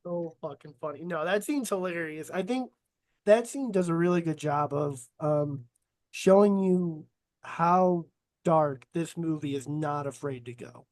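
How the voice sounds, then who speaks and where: Young man, podcast host, casual chat, loose and filler-heavy, higher-pitched voice. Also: unhurried, darkish tone, no echo. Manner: laid-back, loose, lots of fillers.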